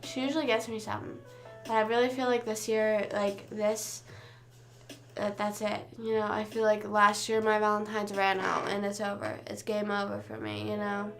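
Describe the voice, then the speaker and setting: A woman's voice: mid-range voice, little pitch movement, normal speed, creaky, faint music behind. A young woman streamer rambling casually to her live chat, self-deprecating and often trailing off. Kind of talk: casual chat with livestream viewers.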